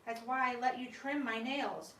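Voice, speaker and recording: A woman's voice: on the high side, moderate pace, pushed and bright, slight background noise. A woman voicing her young male pet sugar glider, cheeky and indignant, in a light chirpy tone. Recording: roomy and slightly distant.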